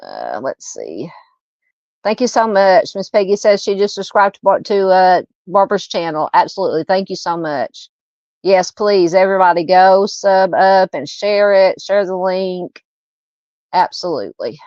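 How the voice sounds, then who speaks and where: A woman's voice: lowish voice, sing-song, measured pace, a little mellow, dry recording, muffled recording. A woman with a Southern accent hosting a true crime livestream, chatting casually, reading viewer comments and thanking them, with many fillers and laughs.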